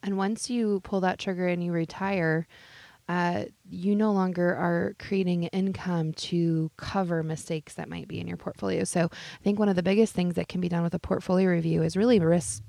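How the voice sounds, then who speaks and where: A woman co-hosts a financial radio show, earnestly explaining points about portfolio risk and legal documents with fillers like um and uh. She's a financial advisor whose fairly low, warm, creaky voice holds a steady tone at normal speed, without echo.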